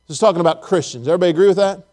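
A man's voice: sits high, racing, a little mellow. A man preaching a sermon in a church auditorium, emphatic, repeating phrases and putting questions to the congregation.

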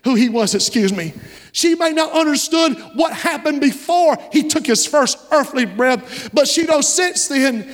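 High-voiced preacher in a reverberant hall. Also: male voice, measured pace. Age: 30s. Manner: folksy storytelling preacher, animated, asks listeners directly. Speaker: pastor. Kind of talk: sermon.

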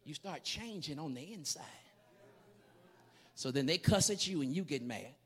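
A husky-voiced preacher in their forties delivers a sermon with hooping. The pitch rises and falls in lively swings, the words tumble out in repeats, and the talk builds from soft asides to shouting. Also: normal speed. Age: 40s.

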